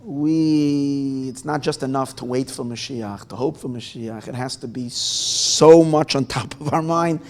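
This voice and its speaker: A man's voice: medium pitch, measured pace, hardly any pauses. A man, a rabbi, telling a story at an informal evening gathering and acting out the characters' lines with feeling. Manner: animated, voices the story's characters. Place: gathering room with guitar nearby.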